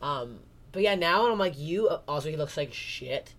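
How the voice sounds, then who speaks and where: A woman from Canada, a guest comedian in a casual podcast chat, telling animated stories and swearing often. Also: low-pitched, normal speed.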